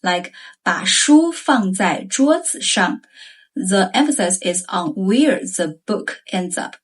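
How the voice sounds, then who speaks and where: Woman, Chinese teacher, unhurried pace, slightly husky voice, careful example sentences. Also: medium pitch, expressive. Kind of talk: scripted language lesson.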